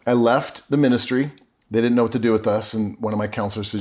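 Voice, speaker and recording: A man's voice: mid-range voice, fairly even intonation, fast, darkish tone. A middle-aged man, a podcast guest, telling his personal story in an earnest, openly emotional way with frequent restarts.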